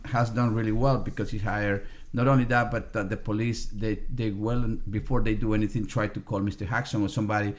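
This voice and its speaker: A man speaking as a podcast guest in a casual interview, often halting and restarting his sentences. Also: on the low side.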